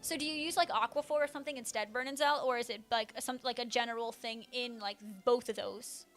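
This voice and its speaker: A woman's voice: on the high side, steady tone, fast, a bit bright. A woman livestreamer casually chatting and answering her chat, full of "like" fillers and bursts of surprise.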